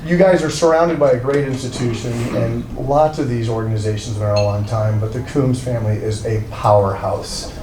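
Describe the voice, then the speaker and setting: A man's voice: medium pitch, steady tone, brisk, few pauses. Man rambling a heartfelt introduction. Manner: rambling, self-deprecating, emotional. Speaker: art dealer introducing a speaker. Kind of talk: live introduction speech. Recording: roomy, distant from mic, with noise.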